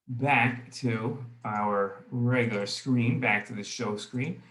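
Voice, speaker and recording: A man's voice: mid-range voice, fairly bright tone. Upbeat man hosting a kids' show. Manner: upbeat, chatty, playful. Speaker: children's show host. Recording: echoey room.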